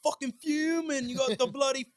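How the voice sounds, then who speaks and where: A man putting on a loud, high, scolding British bloke voice. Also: fairly even intonation, moderate pace. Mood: mock furious. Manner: shouting, high mock accent.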